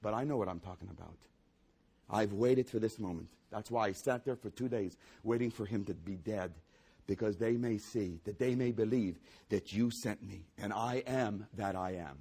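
A man preaching a sermon, speaking as a commanding male savior in a low, assured voice. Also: normal speed, warm tone, husky.

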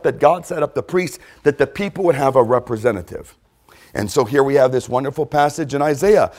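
A man preaching a sermon, emphatic, repeating key phrases and dropping to a quiet stress on points. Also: fairly high pitch.

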